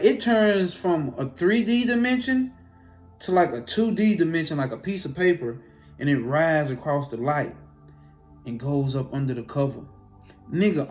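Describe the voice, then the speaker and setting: In a fairly high voice, a man tells a personal spiritual story in an animated, casual, profane way, acting out his own reactions.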